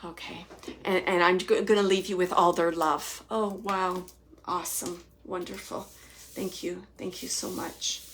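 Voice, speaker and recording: A woman hosting a psychic reading, relaying spirit messages in a soft, halting way with frequent restarts and repeated phrases, sometimes dropping to a near whisper. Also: on the low side, steady tone, a little hiss or hum. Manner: drops to near-whispers at times. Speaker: psychic medium host.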